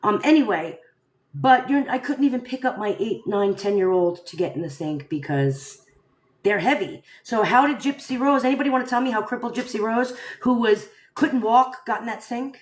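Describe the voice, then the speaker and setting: Animated woman hosting a live stream. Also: on the high side, normal speed. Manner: animated, rhetorical, addresses viewers directly. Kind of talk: casual live-stream commentary. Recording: echoey room sound.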